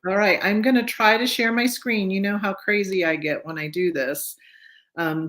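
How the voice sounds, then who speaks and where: A woman hosting a virtual book club on a video call, chatty and now and then tongue-tied. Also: medium pitch. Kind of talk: casual video-call chat.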